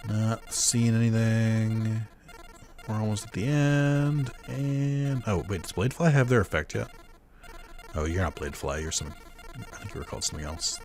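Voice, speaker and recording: A young man talks through his game in a relaxed, offhand let's-play style, thinking aloud as he goes. His voice sits low, and faint game music plays quietly behind it. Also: normal speed. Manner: laid-back, musing aloud, chuckling. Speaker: gamer. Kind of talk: casual let's-play commentary.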